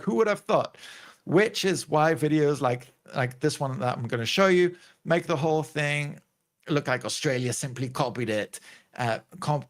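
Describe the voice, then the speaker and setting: A man hosting a show, talking in casual commentary and reaction, rambling with lots of likes and restarts. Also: mid-range voice. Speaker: host.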